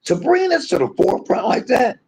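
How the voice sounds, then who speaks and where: Husky man ranting on a livestream. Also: very animated, a little fast. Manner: aggrieved, swings between loud outbursts and low muttering; swears freely, talks straight to viewers. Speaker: livestream host. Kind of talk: emotional livestream rant.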